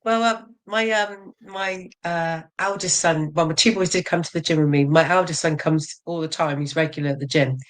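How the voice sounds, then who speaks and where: A woman's voice: low-pitched, steady tone, normal speed, hardly any pauses. A woman in her forties, a bodybuilder guest in a casual interview, frank and self-mocking, laughing often.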